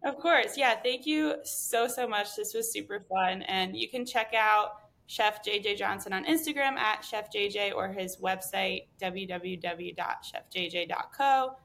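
A woman's voice: mid-range voice, measured pace, creaky, few pauses, fairly bright tone. A woman hosting a food podcast, upbeat and giggly in casual interview chat. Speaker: podcast host.

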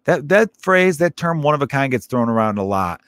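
A man's voice: medium pitch, very animated, a little fast, a bit bright, no room sound, studio quality. A man in his thirties hosting a podcast, telling stories in a rambling, profane way, often breaking off mid-sentence. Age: 30s. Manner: rambling, profane, self-interrupting. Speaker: podcast host. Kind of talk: casual storytelling monologue.

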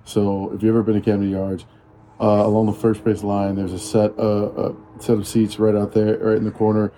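A quiet, easygoing man chats agreeably. His voice is low, very dark and level, with little rise and fall. Faint noise sits behind him. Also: monotone, brisk. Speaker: podcast co-host. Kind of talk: casual chat.

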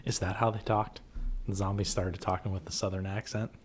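A man with a fairly low voice co-hosts a podcast in relaxed, casual chat. He fills his pauses with frequent ums. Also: slight background noise. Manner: relaxed and chatty, with many ums. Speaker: podcast co-host.

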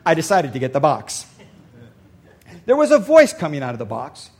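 A male pastor preaching a sermon, telling a story and dropping to a soft voice for emphasis. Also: fairly high pitch, huge pitch swings, normal speed. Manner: storytelling, varies loudness for emphasis.

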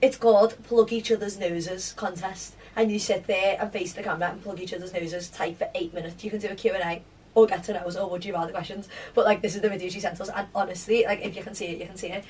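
A woman's voice: medium pitch, fairly even intonation, fast, a little mellow, far from the mic, a little hiss or hum. A woman co-hosting a podcast in casual chat, chatty and full of "like" fillers. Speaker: podcast co-host.

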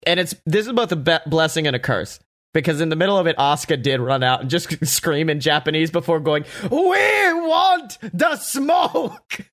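Excitable, profane podcast host man. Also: on the high side, fast. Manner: excitable, profane, lots of laughing and mock quotes. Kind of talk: casual wrestling podcast chat.

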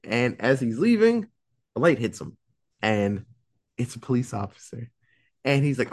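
A young man casually retelling a movie's plot in a podcast, swearing often and briefly acting out the characters. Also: mid-range voice. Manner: animated, profane, acts out characters in quick asides. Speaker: podcast host recapping a film. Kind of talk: casual storytelling recap.

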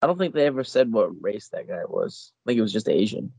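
A man's voice: on the low side, sing-song, fast talker, a little mellow, breathy edge, no echo, low-quality recording. A man chatting casually on a podcast, rambling and searching for words as he goes. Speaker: podcast co-host.

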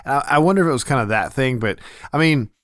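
A man with a middle-range voice chats about a horror film in a relaxed way, laughing often and cursing casually. The recording is dry and close. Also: mid-range voice, quick pace, no echo. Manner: chatty, laughs often, swears. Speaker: podcast co-host.

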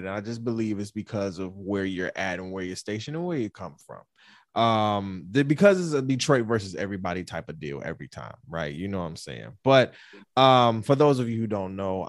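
A man hosting a podcast, excitable and swinging from loud hype to low mumbling asides. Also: moderate pace, no echo, clean studio sound. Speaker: podcast host. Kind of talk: hyped casual podcast intro.

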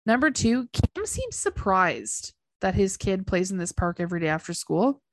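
A woman's voice: mid-range voice, sing-song, normal speed, no echo, studio quality. A woman co-hosting a podcast, casually recapping a TV episode point by point in a chatty, emphatic way. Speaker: podcast co-host.

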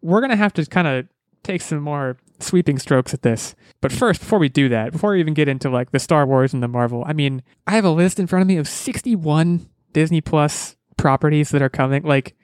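A man's voice: a little high, a little fast, smooth, dry recording. A man hosting a casual gaming podcast, talking in an upbeat, rambling way and often correcting himself mid-sentence. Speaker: podcast host.

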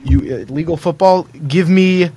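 A man's voice: high voice, moderate pace, warm tone. A man co-hosting a casual sports podcast, making emphatic, confident predictions. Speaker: podcast co-host.

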